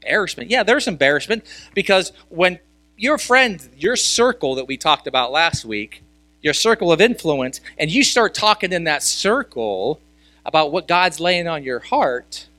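Lively, bright-voiced man preaching. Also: fairly high pitch, moderate pace, dry recording. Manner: conversational preaching with rhetorical questions; repeats key words for emphasis. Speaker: pastor. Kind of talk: sermon.

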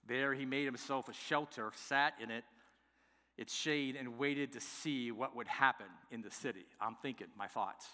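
Bright-voiced preacher in an echoing hall. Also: male voice, medium pitch, normal speed. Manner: animated, conversational, acts out scripture. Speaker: pastor. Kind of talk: sermon. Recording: long echoing hall reverb.

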